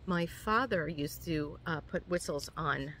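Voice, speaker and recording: Woman with a New York accent, lowish voice, casual rambling gear show-and-tell, faint hiss behind. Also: a little slow, fairly bright tone. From New York, USA. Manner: chatty, rambling with many fillers. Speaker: hiking vlogger.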